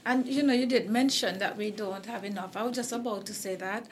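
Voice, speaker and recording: A woman's voice: medium pitch, a little fast, slight background noise. A woman with a Caribbean accent hosting a casual interview chat, rambling with many fillers and restarts while she is losing her voice. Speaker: host.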